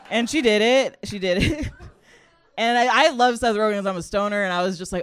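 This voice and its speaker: A woman doing stand-up, telling a story with lively impressions of others. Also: medium pitch, brisk, clear, resonant tone, no room sound, clean studio sound. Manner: animated storytelling, mimics others. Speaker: stand-up comedian. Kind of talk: stand-up comedy set.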